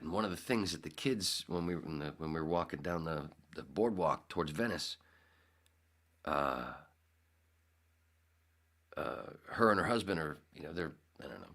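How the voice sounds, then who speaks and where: A man's voice: a bass voice, creaky, a bit bright. A man hosting a podcast, telling a story in casual chat, rambling with frequent restarts and self-corrections. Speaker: podcast host.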